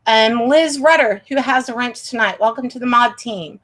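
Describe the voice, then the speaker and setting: A woman hosts a casual livestream at her home computer. Her voice sits a little high, and she talks in a chatty, easily distracted way, greeting viewers by name. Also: moderate pace, a bit bright. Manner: chatty, easily sidetracked, reads out chat names. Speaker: paranormal livestream host. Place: home streaming setup.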